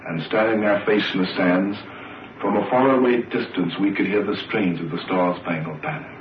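A man, an Olympic sprinter, recounting his race in a deliberate, oratorical way, on an old archival recording. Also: on the low side, a little hiss or hum. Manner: deliberate, oratorical, repetitive phrasing. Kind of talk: dramatic personal recollection. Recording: roomy, distant, old lo-fi recording.

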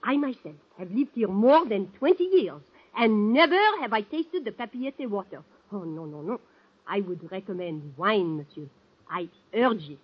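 An actress with a French accent playing a coaxing, insistent middle-aged restaurant hostess from Normandy in an old radio drama. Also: female voice, mid-range voice, sing-song, normal speed, slightly rough. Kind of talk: 1940s radio acting. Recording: dull old radio recording.

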